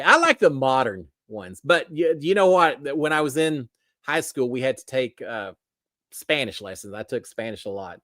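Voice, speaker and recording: A middle-aged man rambles through a casual livestream chat, stopping and restarting his sentences and poking fun at himself. His voice sits at an ordinary pitch. The sound is close and dry. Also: animated, normal speed, sharp tone, no room sound. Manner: rambling, self-deprecating, many restarts. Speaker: livestream host. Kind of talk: casual chat reading viewer comments.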